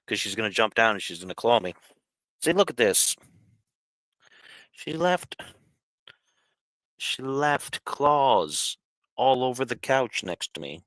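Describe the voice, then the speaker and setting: A man's voice: mid-range voice, big pitch swings, takes it slowly, long pauses, a bit bright, no room sound. A man hosting a casual live question stream from home, chatting and talking to his cat. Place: home, on a couch.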